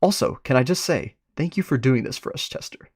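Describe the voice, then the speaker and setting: Chatty man with a lively voice. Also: medium pitch, fairly quick, breathy edge, dry recording, studio quality. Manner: amused, chatty. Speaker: web series explorer and host. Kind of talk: live reading and commentary.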